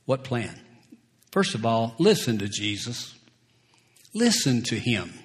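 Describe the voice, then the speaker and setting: A man preaching a sermon, slow and deliberate, who chuckles between points and acts out scripture quotes. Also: mid-range voice, sing-song.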